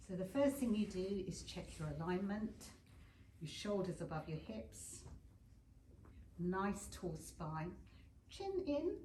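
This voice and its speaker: Slow, calm woman yoga teacher. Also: mid-range voice, slight background noise. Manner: slow, calm breathing cues. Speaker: yoga instructor. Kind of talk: guided yoga cool-down. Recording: echoey room with faint ambience.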